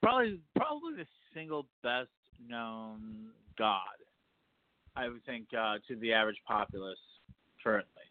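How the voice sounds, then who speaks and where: Male podcast host, rambling and halting, lively pitch, tinny phone-like sound. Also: dry recording. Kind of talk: casual interview.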